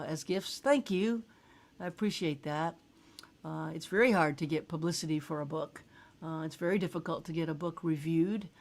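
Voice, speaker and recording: A woman from South Louisiana, hosting a casual show, talking haltingly with many filler sounds and reading aloud from her book. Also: deep voice. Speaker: singer-songwriter host.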